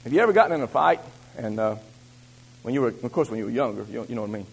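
A man preaching a sermon, shifting between loud exhortation and low, confiding asides. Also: animated, racing, gravelly, husky, poor audio.

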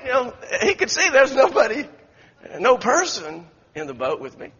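A man's voice: high voice, very animated, fairly quick, fairly bright tone, slightly rough. A man preaching a sermon in a church sanctuary, telling folksy stories with many restarts. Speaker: pastor. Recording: echoey church hall, dull lo-fi sound.

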